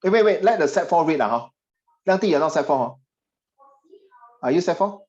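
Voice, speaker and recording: A man's voice: on the high side, animated, brisk, darkish tone, lo-fi sound. Chatty Singaporean man tutoring on a video call. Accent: Singaporean English. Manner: chatty, teasing, puts on voices of parents and students. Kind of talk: online class teaching.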